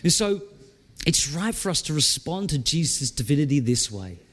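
A male pastor delivers a sermon to his church in a conversational, animated way, often putting questions to the congregation. His voice sits a little high and rises and falls a great deal as he preaches. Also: normal speed.

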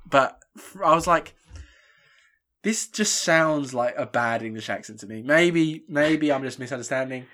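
Young male co-host with a mid-pitched voice, rambling and animated, casual film chat. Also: measured pace. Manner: rambling and animated, with many fillers and restarts. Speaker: podcast co-host.

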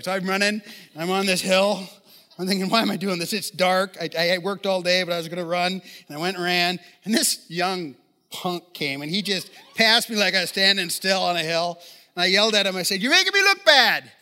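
Guy preaching a chatty sermon, pretty high voice, stumbles and repeats words, jokes about himself. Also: steady tone, a little fast, sharp tone. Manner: conversational, self-deprecating humor, repeats words when starting sentences. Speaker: pastor.

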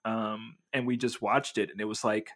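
A man's voice: on the low side, little pitch movement, normal speed, fairly bright tone. A man co-hosting a casual chat, rambling with many fillers and restarts as he tells a story.

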